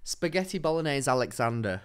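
एक ब्रिटिश लहजे वाला आदमी, पॉडकास्ट का सह-होस्ट, जो अनौपचारिक बातचीत में गालियाँ देते हुए बनावटी गुस्से से बहस करता है।. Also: male voice, medium pitch, lively intonation, brisk, clean tone. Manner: playfully combative, swearing, mock-outraged. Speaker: podcast co-host. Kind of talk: casual chat.

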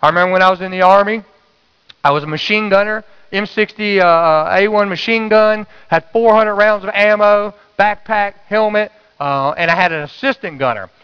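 Preacher man, high bright voice, goes loud then real quiet, bit muffled lo-fi sound. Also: normal speed, smooth, long reverb tail. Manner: call-and-response preaching, swings from loud to hushed. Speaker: pastor. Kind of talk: sermon.

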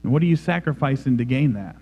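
A man's voice: mid-range voice, lively intonation, fast talker, mellow, slightly rough, big-room sound, dull audio. A man preaching a sermon in a church, emphatic and dramatic. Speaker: pastor. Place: church sanctuary.

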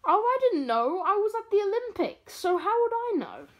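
A woman voicing a goofy, clueless friend in a silly, high-spirited way. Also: very animated, moderate pace, a bit bright, exaggerated voice.

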